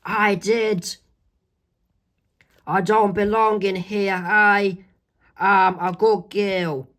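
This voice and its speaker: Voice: mid-range voice, very slow, voice pushed up. A reader doing Candace, the teen girl. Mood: plain. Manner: read flatly from a comic strip. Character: teenage girl locked up and protesting innocence. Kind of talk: amateur comic read-aloud.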